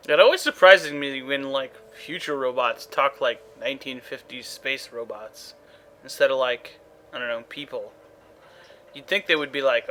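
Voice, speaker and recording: A man with a bright, sharp voice giving casual let's play commentary. He rambles along with lots of fillers and wry asides. A faint hum sits underneath. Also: medium pitch, moderate pace, low-quality recording.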